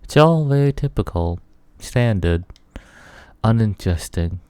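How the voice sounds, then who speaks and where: Deep-voiced man reading game narration. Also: expressive, a little slow, darkish tone, smooth, dry recording. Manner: reads narration, then breaks off with wry asides. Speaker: let's play host. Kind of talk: reading game text aloud with commentary.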